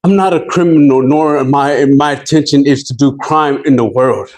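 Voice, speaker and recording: Man, defendant, courtroom plea, stumbling and rambling, mid-pitched. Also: a little mellow. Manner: halting, rambling, many restarts. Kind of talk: pleading in court.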